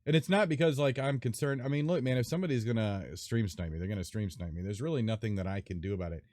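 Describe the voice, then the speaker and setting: A man's voice: lowish voice, fast, darkish tone, no room sound, clean studio sound. A man hosting a gaming podcast, easygoing and agreeable in casual chat. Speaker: podcast host.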